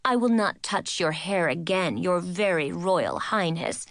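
A woman's voice: fairly low pitch, lively intonation, unhurried, dry recording, studio quality. A woman voicing a haughty, rich schoolgirl cousin with an Italian accent, smug and teasing. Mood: prim.

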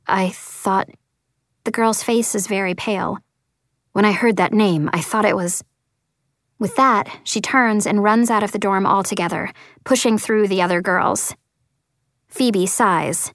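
A woman's voice: medium pitch, a little slow, a bit bright, no echo, clean studio sound. A woman reading a first-person story as an audiobook narrator, earnest and lightly voicing the dialogue.

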